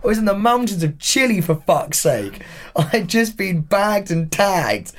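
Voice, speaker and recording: Animated English guy telling a story. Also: high voice, unhurried. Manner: animated storytelling, swears freely. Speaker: podcast guest. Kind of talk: casual chat.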